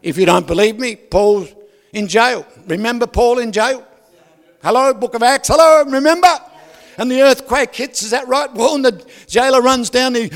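Pastor guy preaching, high voice, lots of "can i have an amen", echoey church hall. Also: moderate pace. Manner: animated preaching with rhetorical questions, swinging from loud to soft. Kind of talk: sermon. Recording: reverberant hall.

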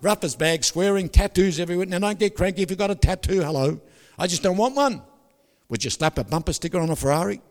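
A man preaching a sermon as a pastor, animated and joking, often asking the congregation to agree. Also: high-pitched, fairly quick, in a large hall. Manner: animated storytelling with jokes, asks the crowd "is that right?".

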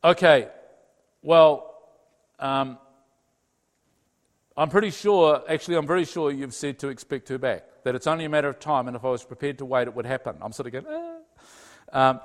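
A man telling a personal story to a live audience in an animated way, acting out both sides of the conversations. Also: mid-range voice, normal speed, pauses often. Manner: animated storyteller, acts out his own and God's replies in dialogue. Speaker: speaker sharing a personal story. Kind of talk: testimony talk to a live audience. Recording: hall reverb.

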